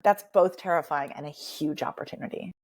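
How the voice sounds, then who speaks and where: A woman dialect coach and author talking as a guest in a podcast interview, animated and emphatic, with playful asides. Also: low voice, brisk.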